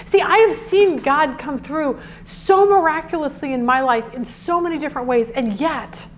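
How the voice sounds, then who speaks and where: A middle-aged woman teaching a Bible devotional, earnest and animated, who acts out quotes as she talks. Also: sits high, moderate pace, slight background noise.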